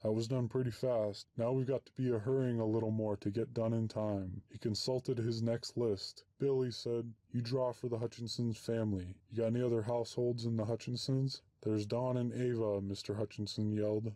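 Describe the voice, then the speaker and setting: A man's voice: medium pitch, level tone, moderate pace, few pauses, mellow, no room sound. A man reading a short story aloud, voicing every character in the same plain way. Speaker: narrator.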